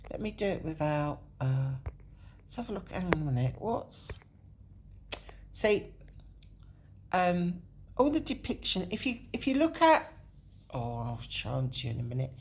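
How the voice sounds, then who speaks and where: A woman with a low voice that swings widely in pitch talks slowly. She thinks out loud, catches and corrects her own words, and slips into whispers now and then. There is a faint hiss behind her. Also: big pitch swings. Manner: thinks aloud, corrects herself, drops into whispers. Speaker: video host. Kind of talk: rambling walkthrough on a map.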